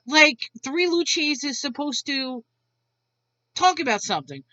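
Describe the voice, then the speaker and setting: A woman's voice: high-pitched, expressive, unhurried, bright, forceful tone, no echo, dull audio. A woman venting a blunt, exasperated rant to camera, swearing freely as she retells her day. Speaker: vlogger.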